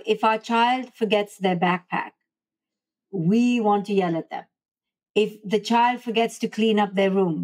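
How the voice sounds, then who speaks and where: A woman's voice: medium pitch, a little mellow. A woman psychologist answering interview questions in an earnest way, acting out parent and child lines as she explains. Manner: earnest, acts out parent-child dialogue in quotes. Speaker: clinical psychologist and author, podcast guest.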